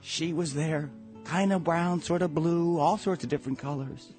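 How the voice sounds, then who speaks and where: Man, comic storyteller, theatrical, loud to hushed, high voice, light music behind. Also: normal speed.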